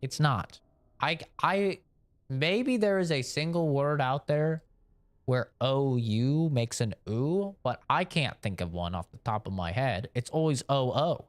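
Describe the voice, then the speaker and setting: A man from Canada ranting on a live game stream, opinionated and animated, spelling words out letter by letter. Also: mid-range voice, a little slow, dry recording. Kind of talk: casual rant during a live game stream.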